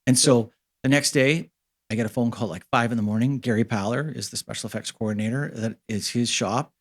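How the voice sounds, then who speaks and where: A man in his fifties from Canada, a guest in an interview, telling stories from his career casually and acting out the dialogue with lively jumps in pitch. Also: a little fast. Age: 50s. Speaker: interview guest, special effects supervisor.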